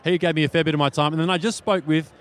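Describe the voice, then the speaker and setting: A man's voice: on the high side, steady tone, racing. A man with an Australian accent, a visiting reporter chatting and trading banter on a live radio show. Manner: chatty storyteller, slang-laced banter. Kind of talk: casual radio chat. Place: busy outdoor broadcast row.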